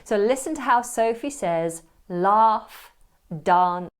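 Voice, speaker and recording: A woman narrating an accent tutorial in a measured, explanatory way. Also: medium pitch, lively intonation, smooth.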